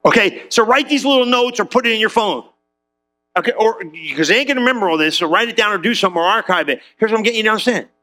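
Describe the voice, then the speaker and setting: A man preaching a sermon in a lively, conversational way, calling on the room for amens. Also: high-pitched, very fast. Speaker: pastor.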